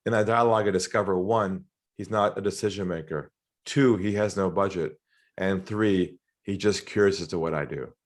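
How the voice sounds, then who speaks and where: A middle-aged Australian man, a sales trainer, talks through an interview with a fairly low voice. He tells anecdotes with lively energy and jumps into acted quotes, laughing as he goes. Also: moderate pace. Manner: animated storyteller, acts out quoted voices, laughs often. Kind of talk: storytelling interview talk.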